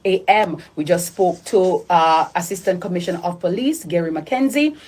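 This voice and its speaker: A woman's voice: on the low side, normal speed, darkish tone. A woman radio news host with a Jamaican accent, talking live in a chatty way with fillers.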